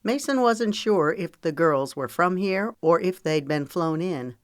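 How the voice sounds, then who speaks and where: Low-voiced woman narrating a romance. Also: animated, a little slow, no echo, studio quality. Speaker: audiobook narrator. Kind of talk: scripted audiobook narration.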